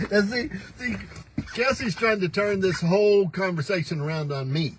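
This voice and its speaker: A man's voice: sits high, fairly bright tone, slight background noise, rough recording. An older man hosting a casual morning livestream, folksy and teasing, laughing often as he talks. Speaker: host. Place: pickup truck.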